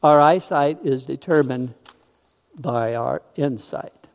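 A male pastor preaching a sermon in a slow, emphatic manner. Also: on the high side, dull audio. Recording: long hall reverb.

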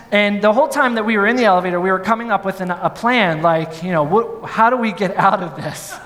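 A male pastor telling a story in a sermon, in an animated, playful way. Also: high voice, big-room sound.

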